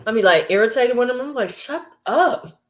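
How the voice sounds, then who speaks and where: A woman chatting casually to her camera at home late at night, blunt and quick to laugh, acting out her coworkers as she goes. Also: on the high side. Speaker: vlogger. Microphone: camera mic.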